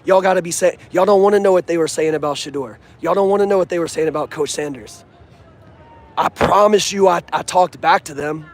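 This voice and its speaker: In this casual fan vlog, a young man speaks a little fast, his voice slightly high, as he earnestly discusses his football team in street slang. It was recorded outdoors near a stadium.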